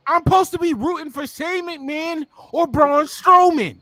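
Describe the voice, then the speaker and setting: A man co-hosting a casual wrestling talk show, ranting animatedly and often shouting. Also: extremely high pitch, moderate pace, dry recording. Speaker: podcast co-host.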